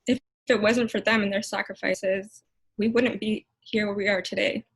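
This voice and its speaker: A woman's voice: medium pitch, steady tone, moderate pace, slightly rough, rough recording. A woman in her twenties giving an earnest, emotional speech as a newly sworn lawyer over a video call. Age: 20s. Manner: earnest, emotional, laughs now and then. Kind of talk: heartfelt personal speech.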